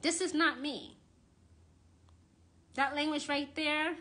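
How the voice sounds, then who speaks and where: Woman, witch and tarot reader, high and bright voice, blunt, profane livestream rant. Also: steady tone, takes it slowly, long pauses. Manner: repeats phrases for emphasis. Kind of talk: live-streamed rant.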